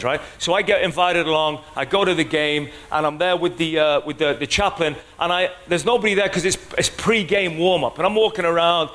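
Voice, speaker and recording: Man, preacher, sermon, chatty, asks the crowd questions, a bit high-pitched. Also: sharp tone. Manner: conversational, checks in with the crowd.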